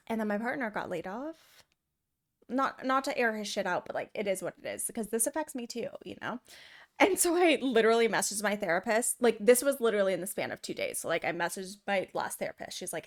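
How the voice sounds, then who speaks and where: Giggly high-pitched woman streamer. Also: fairly bright tone. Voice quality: high-pitched, girly, valley-girl manner. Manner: giggly, chatty, says like a lot. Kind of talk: casual gameplay chat.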